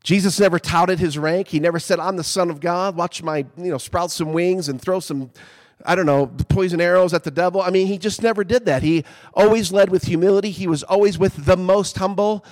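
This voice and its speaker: A man's voice: high-pitched, steady tone, a little fast. A man preaching a sermon in a conversational way, building to emphatic peaks. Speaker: pastor.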